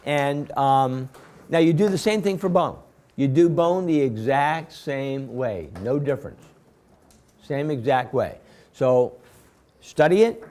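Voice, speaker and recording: A man with a slightly high, darkish voice teaches a class in a classroom lecture, walking his students through a procedure step by step. He explains repetitively and keeps quizzing them with questions as he goes.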